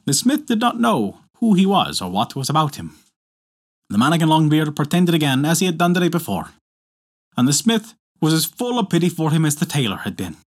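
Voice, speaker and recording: A male storyteller narrates an old folktale with dramatic expression. His voice sits a touch high and swings widely in pitch, pulling the listener along. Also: sing-song, a little fast.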